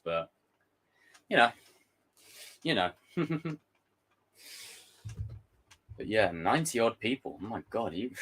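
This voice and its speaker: Animated ranting man. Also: medium pitch. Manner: animated, ranting, swears freely, mocks with exaggerated voices. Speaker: YouTube host reacting to a trailer. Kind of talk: casual livestream chat.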